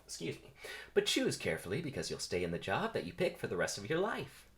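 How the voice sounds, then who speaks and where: A man voicing an upbeat female tour guide bee who talks in a cheery sales pitch. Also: huge pitch swings, quick pace, fairly bright tone, heavily acted. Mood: chipper.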